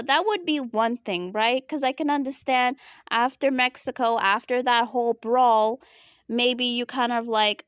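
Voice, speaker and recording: A woman reviewing a reality TV episode in animated casual commentary, often asking "right?". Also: on the high side, moderate pace, no room sound, studio quality.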